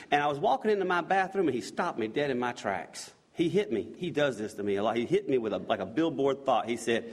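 A man's voice: medium pitch, animated, brisk, slightly rough. A middle-aged man giving an earnest personal testimony, telling his story in a loose, conversational way with frequent restarts. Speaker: volunteer sharing his faith story.

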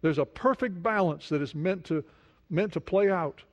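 A man preaching a sermon, asking his listeners many questions and dropping from loud emphasis to a hushed, quiet voice. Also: high voice, normal speed, lo-fi sound. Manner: dynamic preaching, swings from loud emphasis to hushed near-whisper. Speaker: pastor.

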